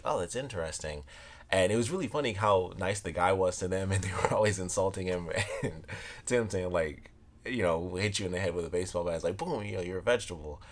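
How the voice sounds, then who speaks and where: Deep-voiced guy chatting thru a review, keeps saying like, laughs a bunch. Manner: rambling, laughs often, says "like" a lot. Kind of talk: casual solo review.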